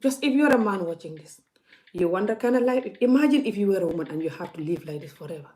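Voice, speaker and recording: A woman's voice: mid-range voice, lively intonation, fast, darkish tone. A woman vlogger talking to her viewers in an impassioned, emphatic, preachy way. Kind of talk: casual live vlog talk.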